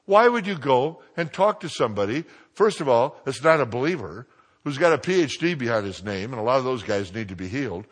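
A man preaching a sermon, joking with his congregation and swinging from quiet asides to loud exclamations. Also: mid-range voice, animated, brisk, slightly rough.

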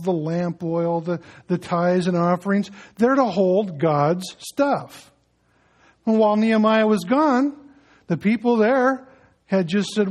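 A man's voice: high voice, a little mellow. A man preaching a sermon in a conversational way, acting out little scenes as he goes. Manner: conversational preaching with acted-out asides. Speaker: pastor.

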